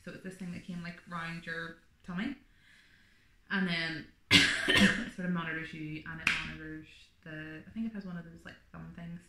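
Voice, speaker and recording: A woman's voice: lowish voice, little pitch movement, normal speed, bright, forceful tone, reverberant, a little hiss or hum. A woman vlogger telling her birth story in a chatty, rambling way, full of fillers. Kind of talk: casual birth story vlog.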